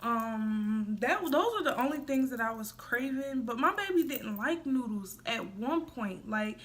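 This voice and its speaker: A woman's voice: on the high side, lively intonation, a little slow. A young woman from the United States telling a casual storytime vlog into her phone, chatty and rambling, talking straight to her viewers. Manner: chatty and rambling, full of fillers, addresses viewers directly. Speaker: vlogger.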